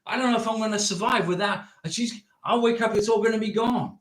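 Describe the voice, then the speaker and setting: With a high voice, fairly even intonation, and a slightly fast delivery, this American man gives visa advice on a livestream from an echoey room. His style is casual: answering viewer comments, rambling, and repeating points with emphasis.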